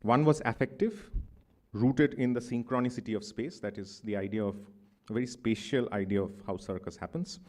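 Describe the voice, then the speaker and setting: A man's voice: on the low side, normal speed, a little mellow. Bengali-accented man giving an academic talk. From India. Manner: thoughtful, discursive, many fillers and asides. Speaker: conference speaker. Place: conference hall.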